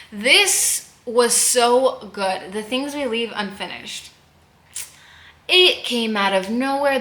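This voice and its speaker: Young female book vlogger, gushing and chatty, bright tone, roomy recording. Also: mid-range voice. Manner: gushing, chatty, laughs often. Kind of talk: casual book chat to camera.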